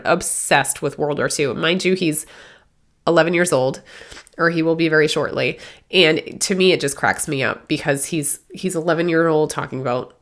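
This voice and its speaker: Low-voiced woman podcasting about spirit. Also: fairly bright tone. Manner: rambling, earnest, with self-corrections and laughs. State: teary and sniffly. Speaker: podcast host and medium. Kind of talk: casual spiritual podcast talk.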